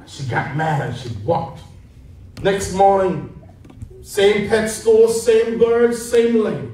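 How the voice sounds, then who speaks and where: A man preaching a sermon, telling a funny story in an animated, playful way. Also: high voice, slow pace, slight background noise. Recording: echoey hall heard from a distance.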